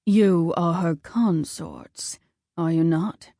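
A woman voicing a stern, commanding male war god who speaks slowly and ominously, at times in a hush. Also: fairly low pitch, no echo, studio quality. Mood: measured, ominous.

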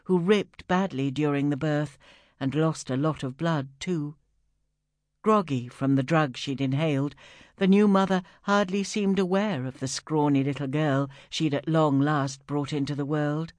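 Audiobook narrator, steady even reading, mid pitch, dry close mic. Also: normal speed, no echo.

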